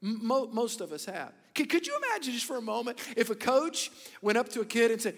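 A man in his thirties preaching a sermon, telling stories with bursts of loud emphasis and hushed, whispered asides. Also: very high voice, quick pace, few pauses, long reverb tail. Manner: animated storytelling, swings between loud emphasis and hushed whispers. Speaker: pastor.

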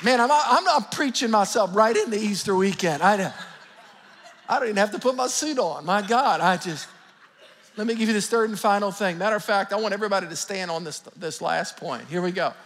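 A man's voice: high-pitched, a little fast, fairly bright tone. A middle-aged man preaching a sermon as pastor, fervent and calling out to his congregation. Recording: long hall reverb with faint music.

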